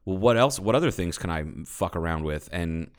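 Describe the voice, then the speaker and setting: A man's voice: deep voice, lively intonation, normal speed, clean tone. A man co-hosting a casual podcast chat, telling bar stories with plenty of swearing and acting out other people's lines. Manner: profane, storytelling, mimics people in raised voices. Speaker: podcast co-host.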